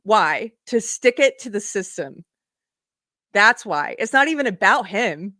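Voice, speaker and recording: A woman's voice: mid-range voice, big pitch swings, measured pace, sharp tone, no echo, clean studio sound. A middle-aged woman hosting a live political commentary stream, talking casually and sarcastically, often laughing.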